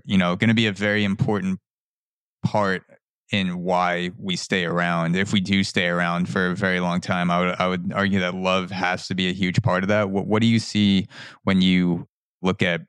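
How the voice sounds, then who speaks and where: Male podcast host, steady low delivery, dry close sound, loose rambling phrasing. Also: smooth, no room sound. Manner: rambling, with frequent restarts and repeated words. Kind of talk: casual conversational interview.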